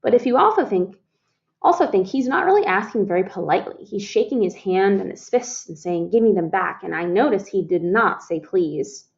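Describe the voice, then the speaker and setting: A woman reading a storybook aloud to young children, lively and expressive. She speaks in a mid-pitched voice and pauses to ask her listeners questions. The recording is slightly dull and lo-fi. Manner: expressive, talks to listeners as "friends" and asks them questions. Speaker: storytime reader.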